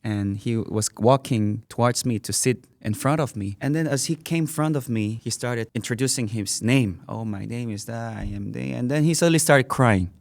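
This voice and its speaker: A man's voice: mid-range voice, no echo. Earnest middle-aged male evangelist, dry sound. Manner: earnest, emphatic, halting restarts. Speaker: evangelist guest on a podcast. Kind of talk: personal testimony storytelling.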